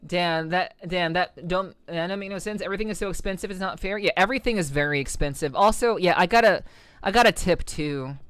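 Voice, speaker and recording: A woman's voice: lowish voice, a bit bright, smooth, dry recording. A young adult woman streamer chatting casually with her viewers, swearing often and restarting her words. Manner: swears a lot, stammering restarts. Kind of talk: casual live-stream chat.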